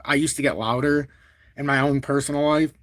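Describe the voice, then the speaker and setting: A man hosting a crypto live stream, talking at length in a blunt, calm and even tone while reading out viewer super chats. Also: mid-range voice, a little fast, dry recording, studio quality. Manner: talkative and blunt, reads super chats aloud; calm, even-toned delivery even when annoyed. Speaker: crypto livestream host. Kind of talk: live-stream market commentary.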